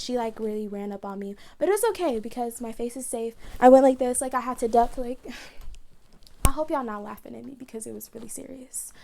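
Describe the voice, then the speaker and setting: A young woman talks straight to her viewers in a storytime vlog. Her voice sits a little high, and she talks fast and emotionally, with "like" all through her sentences. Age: young adult. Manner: chatty, emotional, fast retelling with many "like"s. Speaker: vlogger.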